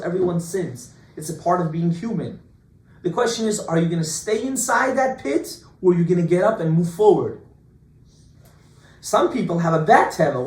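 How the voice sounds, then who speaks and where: Rabbi guy teaching a class, jokey, lots of questions, voice on the high side, echoey room far from the mic. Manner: lively, joking, full of rhetorical questions. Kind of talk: informal Torah class. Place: classroom with students. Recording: echoey room, distant mic, faint hiss.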